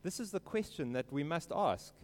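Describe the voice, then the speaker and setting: Man, preacher, earnest and emphatic sermon, fairly high voice, long reverb. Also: animated. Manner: earnest, emphatic, with slow stressed quotes.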